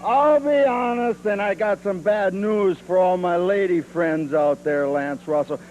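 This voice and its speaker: Sex: man. Role: wrestler. Style: TV promo. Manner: boastful, mocking, slow. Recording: faint hiss. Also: sits high, steady tone, darkish tone, lo-fi sound.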